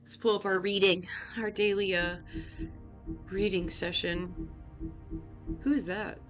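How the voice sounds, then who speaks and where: A woman's voice: medium pitch, steady tone, measured pace, a bit bright, faint music behind. A woman streamer talking casually and joking with chat while playing a game. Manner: chatty, joking, reacting to chat.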